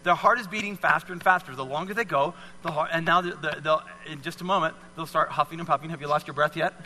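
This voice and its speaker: A man's voice: on the high side, quick pace, pushed and bright, in a large hall. A man leading a live fitness demonstration for an audience, coaching volunteers with encouraging, repeated cues. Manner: encouraging, coaxing, repetitive cues.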